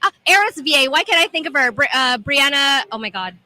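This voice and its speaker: A woman's voice: sits high, lively intonation, fairly quick, bright, forceful tone, a little hiss or hum, rough recording. A woman hosting a live interview show at a gaming expo, chatty and enthusiastic, often rambling as she asks her questions. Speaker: host. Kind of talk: casual interview chat.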